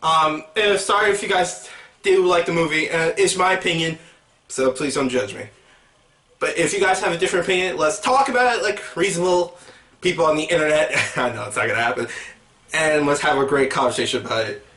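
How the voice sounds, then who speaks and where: A man's voice: a little high, brisk, a bit bright, roomy sound, recorded from a distance. A man giving a casual movie review for his channel, rambling and hesitant, with many fillers and restarts.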